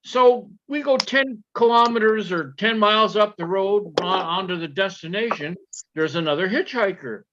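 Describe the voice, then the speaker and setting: Regular on a casual beer-drinking show; high-pitched, swears freely, acts out the people in his story, dull recording. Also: normal speed, noisy background. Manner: rambling, swears, acts out quoted voices. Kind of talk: casual storytelling among friends.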